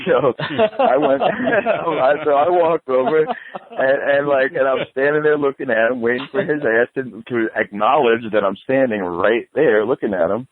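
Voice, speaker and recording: A man, a podcast guest, telling a story in casual chat, animated and profane, laughing through it. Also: medium pitch, unhurried, phone-quality sound.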